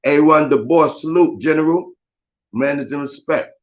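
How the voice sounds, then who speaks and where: A man's voice: a little high, normal speed. Slangy man on a lo-fi stream. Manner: slangy, swearing, greets viewers by name. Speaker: live stream host. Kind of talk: casual morning live chat.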